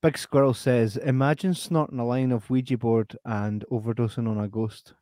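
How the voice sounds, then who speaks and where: A man's voice: medium pitch, fairly even intonation, moderate pace, dark tone, no echo, clean studio sound. A Scottish man co-hosting a casual podcast, joking, swearing and reading viewer comments aloud. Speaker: podcast co-host. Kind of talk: casual late-night podcast chat.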